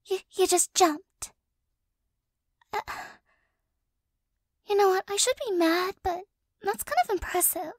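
A woman with a very high voice performs a whispered role-play, speaking slowly and softly right up against the microphone. She sounds flustered yet doting, stumbling over her words and sighing often. The sound is dry and close, with no room around it. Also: no echo. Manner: soft, flustered, doting, with frequent stammers and sighs. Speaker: ASMR creator.

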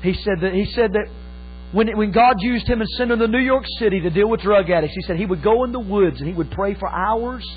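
A male pastor preaching a sermon, with impassioned swings and sudden loud exclamations. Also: high voice, fairly quick, husky, faint music behind. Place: church. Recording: tinny phone-like sound with faint mains hum.

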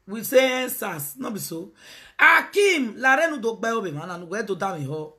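Nigerian woman, live-stream host, very expressive pitch, chatty, mixes in Pidgin. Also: normal speed, slight background noise. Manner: animated, switches into Pidgin, calls out to viewers. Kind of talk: casual live-stream talk.

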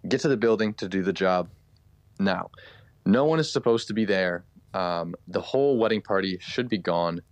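A man's voice: low voice, no room sound. A young man telling a long story in a voice message, rambling with many fillers and laughing through it. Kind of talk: casual storytelling.

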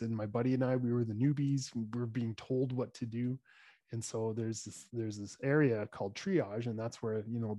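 A man's voice: mid-range voice, dark tone, dry recording. A man telling a story as a dentist guest on a podcast, earnest and talking with fillers and restarts. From Canada.

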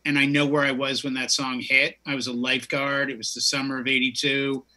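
A man's voice: medium pitch, level tone, brisk, sharp tone. A man in his fifties, a DJ hosting a casual music chat, who talks with enthusiasm and wanders off into long stories. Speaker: DJ and show host.

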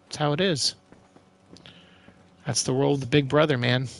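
A young man doing let's-play commentary, excitable and joking, trash-talking the enemies. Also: medium pitch, normal speed, vocal fry. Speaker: gaming commentator. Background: game music.

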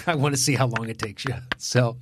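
A man's voice: mid-range voice, steady tone, normal speed, heavy background noise. A man co-hosting a film podcast, chatting casually and laughing often. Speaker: podcast co-host.

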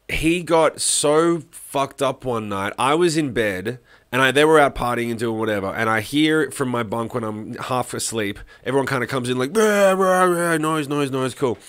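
A man's voice: medium pitch, a bit bright. A middle-aged man on a podcast, casually telling a rambling story and often restarting his sentences. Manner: rambling, self-interrupting anecdotes. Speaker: podcast host.

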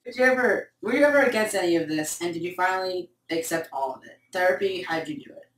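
A young man hosting an interview, asking gentle, direct questions. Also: high-pitched, fast talker. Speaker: host, interviewer. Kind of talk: personal interview. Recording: echoey room, mic far off.

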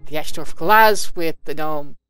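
A man's voice: a little high, normal speed, bright, forceful tone, clear, resonant tone, no room sound, faint music behind, low-quality recording. Casual man reading game combat logs. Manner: reads game text aloud with casual asides. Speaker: let's play commentator.

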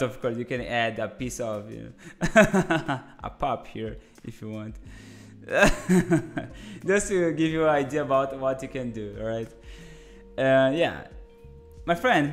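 A medium-pitched man hosts a casual live-stream design lesson from a home desk, talking in a chatty, friendly way. He restarts his sentences and calls viewers "my friend," while soft music plays faintly underneath.

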